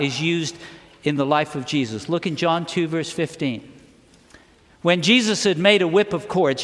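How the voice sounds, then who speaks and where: Male pastor, sermon, impassioned, emphatic, questioning the congregation, high voice, long hall reverb. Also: a bit bright. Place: church sanctuary.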